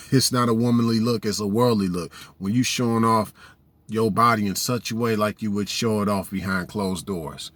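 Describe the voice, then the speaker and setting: Very deep-voiced man preaching casually. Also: steady tone, normal speed, fairly bright tone, no echo. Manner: preachy, repeats "you know what I'm saying". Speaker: vlogger. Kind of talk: casual monologue.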